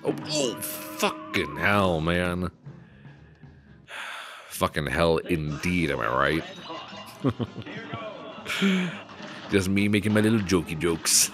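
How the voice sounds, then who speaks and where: Low-voiced man swearing through a game. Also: slow, pauses often, over music. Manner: swearing, self-mocking jokes. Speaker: let's play commentator. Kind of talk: gameplay commentary.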